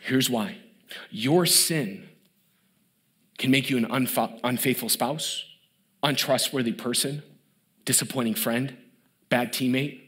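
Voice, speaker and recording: Preaching from the pulpit, a male pastor in his thirties builds his sermon with emphasis, letting important words fall into a quiet hush.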